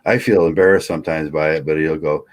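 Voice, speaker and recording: A man's voice: very deep voice, fairly even intonation. A man chatting casually, joking and laughing often with crude humor. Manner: slow, joking, laughs often, drops swear words. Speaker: podcast co-host. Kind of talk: casual chat.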